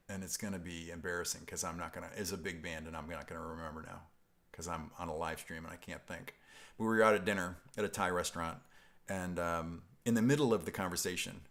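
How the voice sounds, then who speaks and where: Deep-voiced male host from upstate New York; loose, chuckling live-stream chatter that wanders off topic. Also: a bit bright. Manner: rambling, self-interrupting, chuckling. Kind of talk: casual live-stream chat reading viewer comments.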